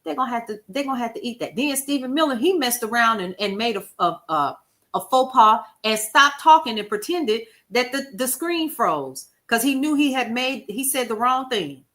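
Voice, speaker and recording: A woman talks to her livestream audience in a relaxed, folksy way. Her voice sits a little high and sounds bright and forward. She tells stories with animated, quoted asides and calls out names from the chat. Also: moderate pace. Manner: expressive, folksy, animated storytelling with chat shout-outs. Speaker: livestream host. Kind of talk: casual livestream talk to viewers.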